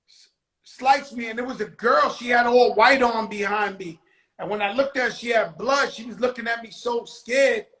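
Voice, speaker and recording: A man's voice: very high voice, sharp tone, low-quality recording. A man hosting a talk show in casual chat, telling stories in streetwise slang and swearing freely.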